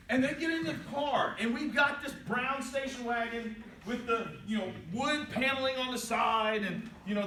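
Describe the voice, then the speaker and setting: A man from West Virginia giving an inspirational speech to students, telling a story and acting out the quotes with changing voices. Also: sits high. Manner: animated, acts out quotes with voice changes. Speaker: motivational speaker. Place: large hall before a live audience. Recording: roomy, distant, noisy live hall recording.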